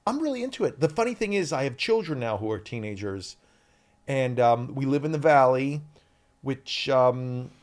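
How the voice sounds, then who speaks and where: A man in his fifties from the US East Coast, a guest actor chatting on a podcast and telling stories in an animated, rambling way. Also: medium pitch, moderate pace. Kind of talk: casual podcast chat.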